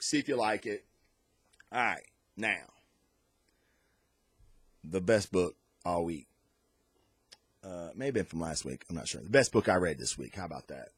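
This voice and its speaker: Enthusiastic low-voiced man reviewing comics. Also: fairly bright tone, breathy edge, no room sound. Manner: enthusiastic, rambling with frequent restarts and fillers. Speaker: podcast host. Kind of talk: casual comic book review.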